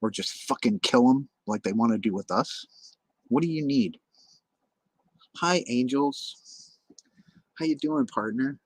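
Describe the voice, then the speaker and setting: A man's voice: medium pitch, lively intonation, moderate pace, darkish tone, slightly rough, dry recording, low-quality recording. A man ranting on a livestream, bitter and accusatory, swearing constantly and often restarting or repeating his words.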